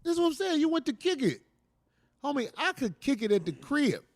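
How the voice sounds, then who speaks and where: High-voiced man joking profanely on a podcast. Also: sing-song, a little fast, no room sound. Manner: loose, profane, teasing storytelling with heavy slang. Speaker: comedian podcast host. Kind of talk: casual comedic banter.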